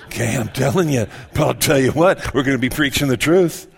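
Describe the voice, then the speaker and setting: An older man, a pastor, preaching a sermon with lively asides and quick self-corrections. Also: medium pitch, gravelly, a little hiss or hum.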